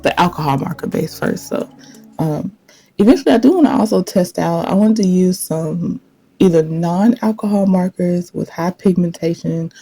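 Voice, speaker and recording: Relaxed art-channel host, woman, low gravelly morning voice, warm and dark, easy sketch-along chat. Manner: relaxed and chatty. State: deep morning voice. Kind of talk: laid-back chat while sketching. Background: faint background music.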